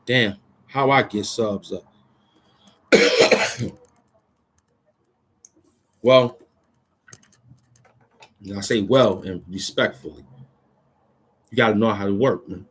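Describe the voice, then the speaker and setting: Swaggering profane New rapper. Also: male voice, slow pace, pauses often, breathy edge. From Harlem, New York. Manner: swaggering, profane, swings from loud shouts to low mutters. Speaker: rapper and vlogger. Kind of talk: freestyle rap and street talk to camera. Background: loud music.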